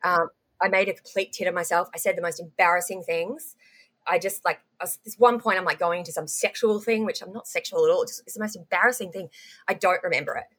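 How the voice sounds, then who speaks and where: A young woman telling an interviewer a candid story, animated and swearing freely. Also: fairly low pitch, fast talker. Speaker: guest.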